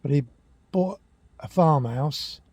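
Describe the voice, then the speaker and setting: A man's voice: a little high, slow pace, a little mellow, no room sound. An older man, chatting at home and rambling through family stories, correcting himself as he goes. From England. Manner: rambling, chatty, self-correcting, laughs at own tales. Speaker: walking vlogger. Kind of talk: casual storytelling to camera. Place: at home, indoors.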